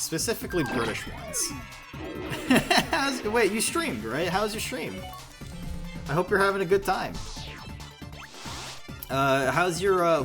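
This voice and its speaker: Lively rambling male game streamer. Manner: rambling, profane, lots of fillers and self-corrections; animated, jumpy pitch. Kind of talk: casual commentary while playing a video game. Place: home streaming setup. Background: video game music.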